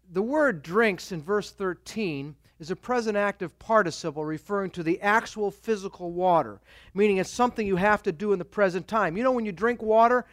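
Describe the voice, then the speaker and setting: A male pastor preaching a sermon in an animated way, acting out the voices of the people he quotes. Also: sits high, no room sound, studio quality.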